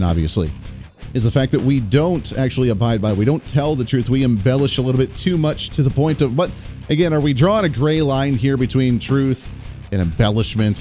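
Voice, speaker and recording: Sarcastic American talk radio host, mellow tone. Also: male voice, mid-range voice. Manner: animated, sarcastic, mocks quotes in put-on voices. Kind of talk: political talk radio monologue.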